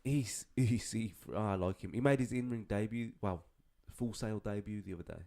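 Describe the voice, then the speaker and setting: Brief: young Birmingham man, lowish voice, loose sweary podcast banter. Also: moderate pace, gravelly, mellow. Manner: swearing, slangy, laughing often. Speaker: podcast co-host. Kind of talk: casual chat.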